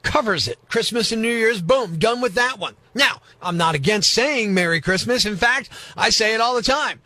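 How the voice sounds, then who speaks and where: High, bright-voiced man ranting on radio. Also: lively intonation, normal speed, no echo. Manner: sarcastic, exasperated ranting. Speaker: radio show host. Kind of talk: comedic radio rant.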